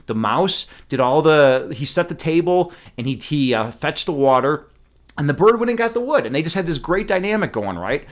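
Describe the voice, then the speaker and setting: Lively, rambling young man streaming. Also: on the high side, moderate pace. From Midwestern US. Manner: rambling, profane, joking with chat. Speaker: livestream host. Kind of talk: casual livestream chat.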